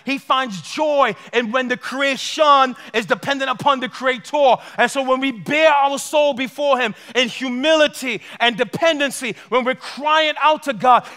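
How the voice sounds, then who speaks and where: A man's voice: extremely high pitch, bright, forceful tone. A man preaching a sermon as pastor, impassioned and acting out heartfelt prayers in a large church. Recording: long church hall reverb.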